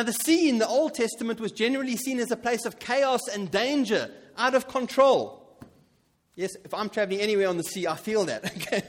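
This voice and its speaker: High-voiced male preacher in a reverberant hall. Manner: animated, rising to emphatic peaks and dropping to soft asides. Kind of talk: sermon.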